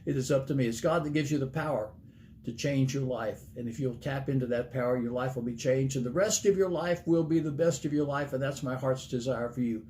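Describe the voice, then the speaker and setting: A man's voice: mid-range voice, fairly quick, a little mellow, slight background noise. A middle-aged man preaching a sermon as a pastor, earnest and plain-spoken, laying out numbered points and folksy stories.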